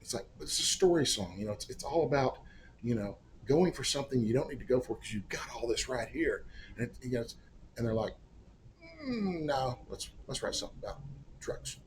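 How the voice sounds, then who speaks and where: A man's voice: mid-range voice, brisk, slight background noise. Wry storytelling man, middle-aged. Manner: wry, self-deprecating, acts out quoted dialogue. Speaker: singer-songwriter guest. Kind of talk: casual anecdotal storytelling. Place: studio or room in Oklahoma.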